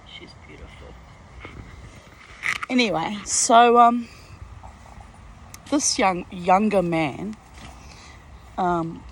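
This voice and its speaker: A woman's voice: fairly low pitch, a little hiss or hum, rough recording. A woman in her sixties from Australia, telling a rambling personal story at home, full of asides and laughs. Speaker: vlogger. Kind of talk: casual storytelling monologue. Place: at home near a garden.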